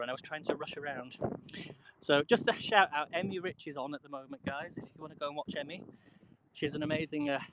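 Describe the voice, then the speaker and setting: A man's voice: a little high, creaky, noisy background. Chatty British man on a walk. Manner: rambling, chatty, reads out viewer comments. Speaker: live streamer. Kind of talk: casual chat with live viewers. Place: outdoors on a cold walk.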